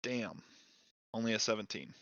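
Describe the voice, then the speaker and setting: A man's voice: fairly low pitch, expressive, moderate pace, fairly bright tone, muffled recording, a little hiss or hum. A man playing a tabletop game, talking casually and swearing freely. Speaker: player.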